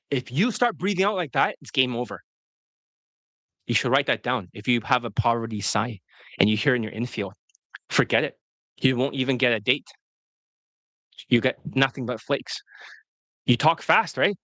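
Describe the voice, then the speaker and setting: A man's voice: mid-range voice, animated, normal speed, pauses often, a bit bright, no echo. A man coaching students on dating in casual livestream talk, blunt and rambling, with frequent swearing.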